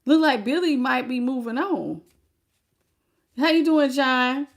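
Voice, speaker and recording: A woman's voice: high-pitched, slow, gravelly. A woman hosting a live tarot reading. She talks frankly and folksily, greets viewers by name and calls them baby. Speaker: tarot reader.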